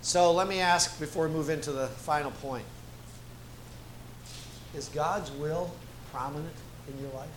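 A man preaching as a guest pastor, slow and emphatic, repeating key phrases for weight. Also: a little high. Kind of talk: sermon. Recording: echoey room with faint ambient noise.

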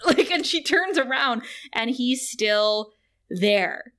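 A woman co-hosting a podcast, recapping a show in casual chat, animated and laughing often as she acts out quoted lines. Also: sits high, measured pace. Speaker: podcast co-host.

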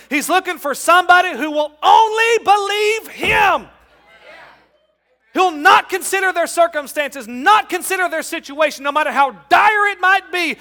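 A middle-aged man preaching a sermon, calling on the congregation and rising from soft talk to loud shouts. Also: very high voice, animated, measured pace. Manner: calls on the congregation to respond. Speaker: pastor.

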